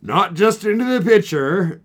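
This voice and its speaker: A man's voice: high voice, animated, unhurried, fairly bright tone, slightly rough. Man reading news with laughs. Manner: joking, laughs often, many restarts. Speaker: podcast co-host. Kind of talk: casual podcast chat, reading news aloud.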